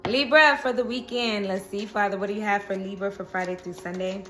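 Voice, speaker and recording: A woman's voice: medium pitch, steady tone, a little fast, fairly bright tone. Chatty woman reading tarot cards. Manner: chatty, repeats "okay?" and "you know". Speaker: tarot reader.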